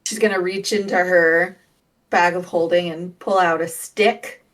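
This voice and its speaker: A woman playing a tabletop game, calm and practical, thinking out loud about her character's next move. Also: fairly low pitch, a little slow. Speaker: player. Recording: voice a bit far from the mic.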